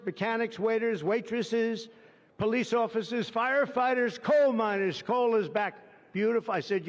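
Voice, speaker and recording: A man giving an off-the-cuff ceremonial speech as president, rambling through ad-libbed asides full of superlatives at a podium microphone. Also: high-pitched. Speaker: president addressing a signing ceremony. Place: outdoor ceremony through a public address system. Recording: dull lo-fi broadcast feed with long reverb.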